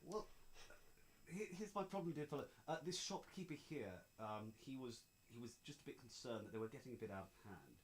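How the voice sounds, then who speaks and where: A man playing an overly polite gentleman adventurer who keeps apologizing, with halting, courteous speech. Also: medium pitch, expressive, slight background noise, voice pushed up, lightly acted, poor audio. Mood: apologetic.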